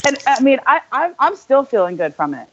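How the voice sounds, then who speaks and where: A young woman co-hosting a podcast, telling a story in a casual, animated way, full of "like" and quick asides. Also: high-pitched, slightly rough, highs cut off. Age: young adult. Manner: animated, filler-heavy storytelling with lots of "like". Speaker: podcast co-host.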